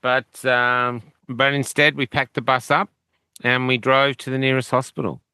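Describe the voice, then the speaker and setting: A man's voice: medium pitch, flat delivery, moderate pace, pushed and bright, clear, resonant tone, no room sound. A man with an Australian accent telling the story of his own illness as an interview guest, rambling, with many fillers and restarts. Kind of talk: conversational storytelling.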